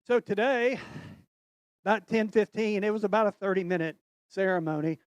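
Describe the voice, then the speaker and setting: A man's voice: high-pitched, normal speed, clean tone, no room sound, muffled recording. A middle-aged man from Tennessee, a tournament angler speaking earnestly and heartfelt in an on-stage interview. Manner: heartfelt, earnest, slightly choked up.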